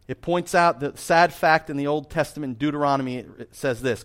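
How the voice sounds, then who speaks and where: A man's voice: medium pitch, steady tone, a little fast, few pauses. A middle-aged man preaching a sermon in a conversational, self-deprecating way, with personal asides. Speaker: pastor.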